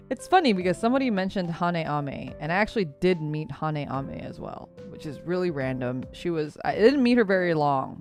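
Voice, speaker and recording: A young adult woman streamer in casual chat, rambling and gushing, laughing often and swearing freely. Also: lowish voice.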